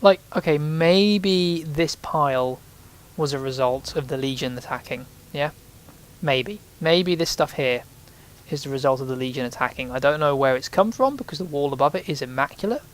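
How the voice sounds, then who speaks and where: A man's voice: on the high side, moderate pace, poor audio. A man giving casual let's play commentary, chatty and reacting aloud with sudden exclamations as he plays.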